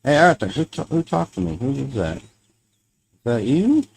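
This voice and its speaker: Cursing gaming streamer. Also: male voice, medium pitch, big pitch swings, moderate pace, creaky, a little mellow, husky, rough recording. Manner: swears freely, scolds his dog, jokes with viewers. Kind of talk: casual livestream chatter.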